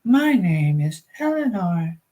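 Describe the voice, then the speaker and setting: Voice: mid-range voice, big pitch swings, slow, warm tone, rough recording. A streamer voicing a metallic-sounding robot doll in the shape of a young girl, using a put-on baby voice. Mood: sweet. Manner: sweet baby voice.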